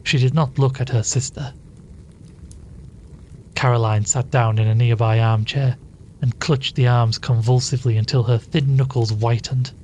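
A man's voice: medium pitch, steady tone, normal speed, darkish tone, a little hiss or hum, low-quality recording. Man narrating a classic story.

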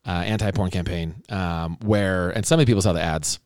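A man's voice: low voice, fairly even intonation, fairly quick, darkish tone, no room sound, clean studio sound. A man hosting a casual interview podcast, rambling and often correcting himself with fillers. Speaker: podcast host.

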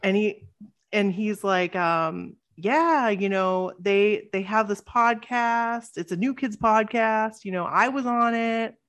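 A woman podcast host telling a story in casual chat, acting out quoted lines with lively voice changes. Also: medium pitch, slow, clean tone. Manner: animated, acts out quotes with shifting voice.

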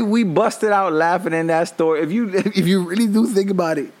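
A man hosting a show, telling a comic story about his week in an animated, profane way and laughing at his own jokes. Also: high-pitched. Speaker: host.

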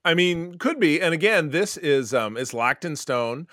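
A man's voice: a little high, animated, measured pace, bright, forceful tone, no echo, clean studio sound. A man co-hosting a casual podcast, talking in a loose, rambling way with restarts and fillers. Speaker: podcast co-host. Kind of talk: casual chat.

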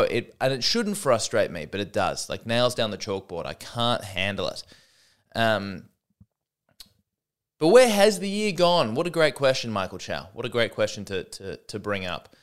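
A man's voice: fairly low pitch, clean tone. An Australian man hosting a solo podcast, talking in a rambling, sardonic, self-deprecating way. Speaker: podcast host.

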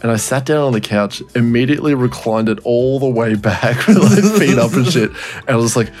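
A man's voice: mid-range voice, expressive, a little fast, darkish tone, faint music behind. A young man, co-hosting a casual podcast chat, rambling, swearing freely and laughing often. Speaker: podcast co-host.

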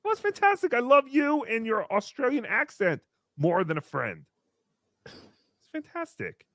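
Man doing a green puppet creature, high squeaky voice, wildly bouncing pitch, crude, giggly, third person talk, dry close sound. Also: wildly swooping pitch, a little slow, a bit bright, dry recording, exaggerated voice. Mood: cheeky. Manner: brash, giggly, talks about himself in third person. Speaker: puppet host reading donations. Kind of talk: comedy livestream puppet act.

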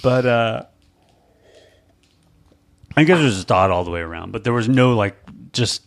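A man hosting a podcast, talking in a rambling, halting way full of fillers and restarts. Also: mid-range voice, expressive. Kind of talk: casual podcast chat.

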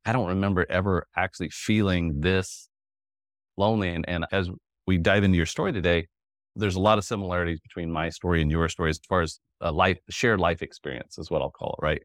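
A man's voice: low voice, steady tone, a little fast, no echo, studio quality. A man in his fifties hosting a podcast, talking in a jovial, rambling way and laughing often. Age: 50s. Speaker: podcast host. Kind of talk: conversational interview.

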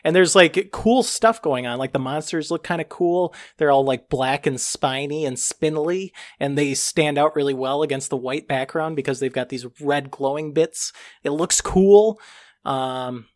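Animated man reviewing games. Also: a little high, measured pace. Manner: animated, emphatic and joking. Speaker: game reviewer. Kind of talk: casual podcast chat.

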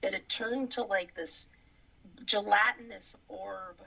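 A woman's voice: mid-range voice, takes it slowly, vocal fry, sharp tone, husky, low-quality recording. A woman on a podcast, talking in crude, profane banter and heated rants.

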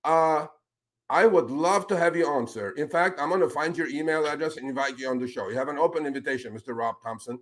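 A man hosting a talk show, speaking in casual, animated commentary that turns indignant as he calls out politicians with a pointed "sir". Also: a little high, quick pace. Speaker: podcast host.

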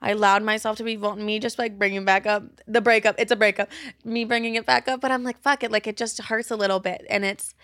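A woman's voice: medium pitch, flat delivery, fast talker, a bit bright, no echo, clean studio sound. A young adult woman hosting her own podcast, talking candidly and casually with lots of "like" and frequent swearing. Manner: candid, swears a lot, chatty filler "like". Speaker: podcast host. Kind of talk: casual solo podcast chat.

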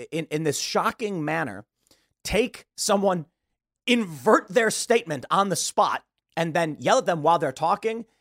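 A man's voice: a little high, dry recording, clean studio sound. A man hosting a show, giving blunt, opinionated political commentary and mimicking the people he talks about. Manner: blunt, animated, mimics others mid-rant. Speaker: show host.

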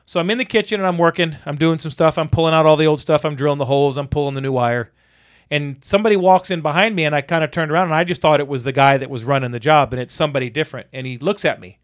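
A man, an electrician, casually telling a work story on a podcast, animated and exasperated, swearing freely. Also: on the high side, rapid-fire.

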